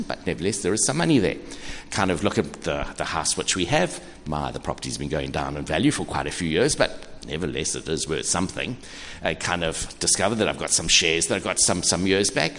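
A man in his sixties preaching a sermon, conversational and animated, often restarting his words. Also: sits low, brisk, a little hiss or hum. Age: 60s. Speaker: pastor. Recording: echoey hall with faint ambience.

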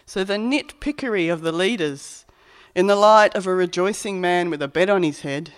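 A preacher delivering a sermon in a reflective, conversational tone. The voice sits at a middling pitch and keeps a plain storytelling manner.

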